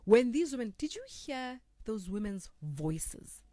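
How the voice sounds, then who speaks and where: A woman's voice: fairly high pitch, measured pace, no room sound, clean studio sound. A woman hosting a casual talk discussion, acting out quotes as she makes her points. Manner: animated, acts out quotes. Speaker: talk show host.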